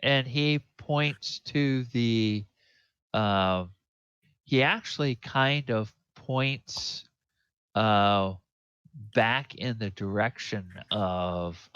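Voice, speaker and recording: A man narrating as the dungeon master, slow and drawn out, with many fillers. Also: fairly low pitch, fairly bright tone, smooth, dry recording, muffled recording. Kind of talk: narrating a tabletop game.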